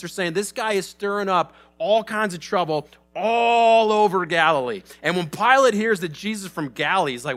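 A man's voice: sits high, moderate pace, sharp tone. A man in his thirties preaching a sermon in a church, retelling the story casually and animatedly with many restarts. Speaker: pastor.

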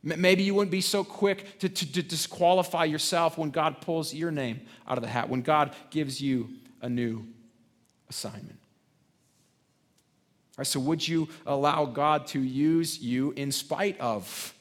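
Higher-voiced man preaching a conversational sermon. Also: slow. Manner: conversational preaching with frequent restarts and tag questions. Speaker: pastor.

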